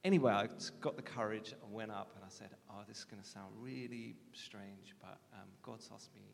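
A man's voice: lowish voice, a little fast, vocal fry. A man, a guest speaker, candidly telling a personal faith story in a self-deprecating way, recorded in a large reverberant hall.

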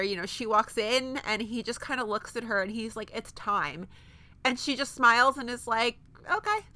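A woman's voice: on the high side, sharp tone, no echo. A woman co-hosting a podcast, chatting casually about a TV episode with many fillers, and she has the hiccups. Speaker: podcast co-host. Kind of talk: casual chat.

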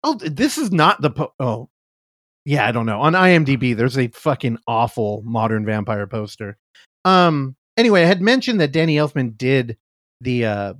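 A man's voice: mid-range voice, a bit bright, no echo, clean studio sound. A man co-hosting a podcast, retelling a movie's plot in a casual, profane, storytelling way. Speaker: podcast co-host. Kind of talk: casual movie-review chat.

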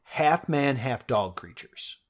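A podcast co-host chatting casually, ranting in an exasperated, animated way and laughing between points. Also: mid-range voice, takes it slowly. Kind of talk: casual chat.

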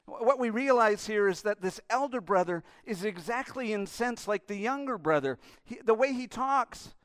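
A male pastor preaching a sermon with passion, swinging between hushed and loud passages. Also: sits high, lively intonation, moderate pace, no echo, clean studio sound.

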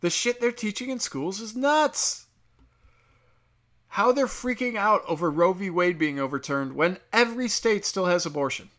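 A man with a slightly high, bright and forceful voice rants alone to his listeners. He swears freely and wanders from one gripe to the next in a loose, offhand way. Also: lively intonation, moderate pace. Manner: crude, profane, rambling rants. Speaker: podcast host. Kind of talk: casual solo monologue.

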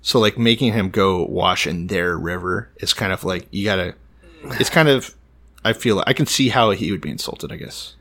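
A man's voice: sits low, normal speed, sharp tone. A man co-hosting a casual podcast, easygoing, sometimes reading a passage aloud. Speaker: podcast co-host.

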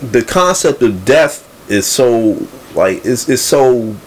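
A man's voice: mid-range voice, sing-song, takes it slowly, slight background noise, rough recording. A man talking casually about a rap feud, rambling with many restarts and fillers. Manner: acts out quoted lines with a raised voice. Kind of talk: casual hip-hop discussion.

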